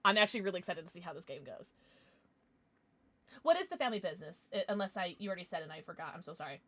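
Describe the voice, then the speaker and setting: A woman's voice: on the low side, expressive, rapid-fire, a bit bright, no room sound. A young woman streaming a game, chatting frankly and bluntly with her viewers. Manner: blunt and irritable, swears. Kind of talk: casual livestream chat.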